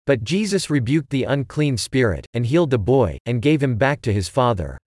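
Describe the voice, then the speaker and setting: A man giving a measured, even reading of scripture. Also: mid-range voice, no echo, studio quality. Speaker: scripture reader.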